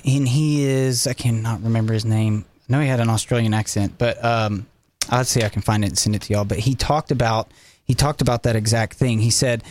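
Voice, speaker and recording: A man talking casually about markets as a guest, animated and rambling, with lots of fillers. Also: mid-range voice, fairly quick, no echo. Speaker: finance guest. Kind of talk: casual chat.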